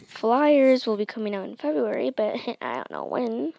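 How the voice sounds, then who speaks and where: A woman's voice: on the high side, wildly swooping pitch, normal speed, gravelly, background noise. A teenage girl reading her own story aloud and chatting afterward in a rambling way.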